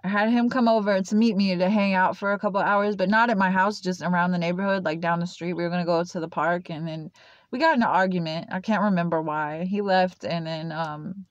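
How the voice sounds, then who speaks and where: Young woman vlogger, low voice, meandering filler-heavy storytelling, muffled dry recording. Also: fairly even intonation, a little fast, no echo. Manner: rambling, full of "like" and "uh" fillers. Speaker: vlogger telling her life story. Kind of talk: casual personal storytelling to camera. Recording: dull lo-fi, dry sound.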